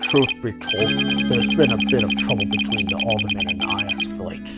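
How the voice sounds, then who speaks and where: A woman's voice: rumbling low, moderate pace, pitched below the performer's own voice. A woman voicing a towering, stern male mayor with a pompous, formal way of speaking, reading game dialogue aloud. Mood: solemn. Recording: loud game music behind.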